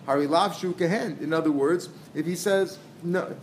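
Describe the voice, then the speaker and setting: Higher-voiced man teaching a text. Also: moderate pace, a little hiss or hum. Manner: repetitive, acts out dialogue, mixes in Hebrew and Aramaic terms. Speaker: Talmud teacher. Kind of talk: lecture explaining a text.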